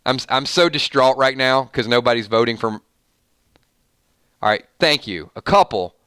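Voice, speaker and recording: Playful stream host, male, bright crisp voice, dry close mic. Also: mid-range voice, moderate pace, dry recording. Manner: playful, animated, reading out votes. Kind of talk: live-stream music matchup chat.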